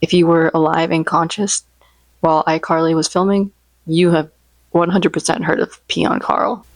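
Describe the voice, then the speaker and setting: Low-voiced chatty woman vlogger. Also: little pitch movement, moderate pace, dry recording. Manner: rambling, chatty, jokes about her own impressions. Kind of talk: casual chat.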